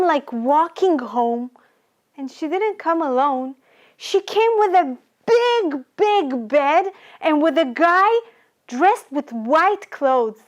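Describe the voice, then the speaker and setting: A woman from Iran, performing a first-person monologue in the voice of her younger self, plaintive and repetitive. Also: high voice. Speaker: storyteller.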